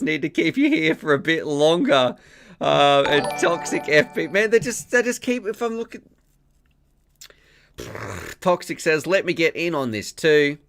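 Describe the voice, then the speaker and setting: A man's voice: medium pitch, pushed and bright, smooth. A man hosting a live stream, rambling and thankful, laughing often as he reads donations and messages aloud. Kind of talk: casual live-stream chat reading donations.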